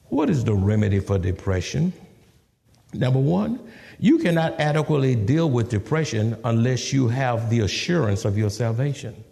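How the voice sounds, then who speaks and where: A man's voice: mid-range voice, gravelly. Male preacher, sermon, dramatic scripture voices, long hall echo. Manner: animated, laughing asides, acts out scripture in a raised voice.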